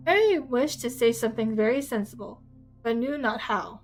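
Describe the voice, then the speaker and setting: A woman streaming a quiet, steady read-aloud of a classic novel. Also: a little high, moderate pace, faint music behind, poor audio. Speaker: reader, streamer.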